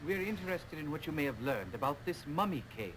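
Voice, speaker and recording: A polite dry doctor, sidekick, lively pitch, faint hiss, game cutscene. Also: male voice, quick pace, poor audio. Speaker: video game character.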